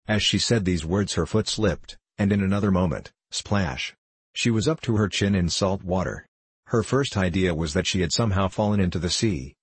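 A man narrating a storybook in a measured, even way. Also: low voice, slightly rough, no echo. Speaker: audiobook narrator.

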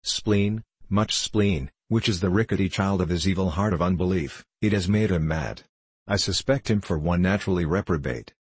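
An earnest Methodist preacher pleads for charity and sermonizes with righteous fervor, as a man reads him aloud. His voice is low and husky, and it is recorded dry and close. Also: normal speed, no room sound. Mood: sermonizing.

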